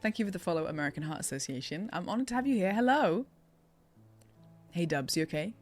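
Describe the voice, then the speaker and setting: An Englishwoman from England plays a game and chats playfully with her live-stream audience, teasing viewers and laughing a lot. Her voice is fairly low with lively intonation and a quick pace, and game music plays in the background.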